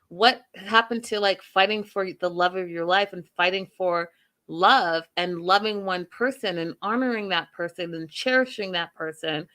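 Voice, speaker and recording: A woman's voice: on the low side, normal speed, a bit bright. A woman hosting a reality TV recap and review. She talks with strong emphasis, repeating phrases and firing off rhetorical questions at her listeners. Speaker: host. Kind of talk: TV show recap and commentary.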